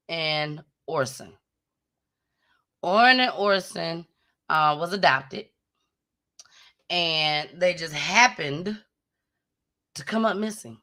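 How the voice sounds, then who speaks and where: Bright-voiced chatty woman host. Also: deep voice. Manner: animated, chatty, emotional storyteller. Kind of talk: casual commentary.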